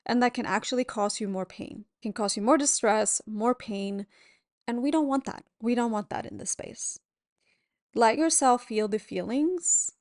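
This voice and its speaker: A woman hosting a podcast as a yoga teacher, talking in a gentle, candid and reassuring way at home. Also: mid-range voice, no room sound, clean studio sound. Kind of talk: reflective solo podcast talk. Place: at home at a table.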